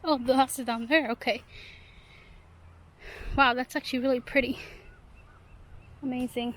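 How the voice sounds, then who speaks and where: A woman's voice: high-pitched, fairly even intonation, moderate pace, slight background noise. A young woman vlogging while hiking alone in the woods, chatty and a bit nervous, out of breath. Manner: chatty, talks to viewers, nervous self-talk. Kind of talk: casual vlog narration while hiking. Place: outdoors in woods.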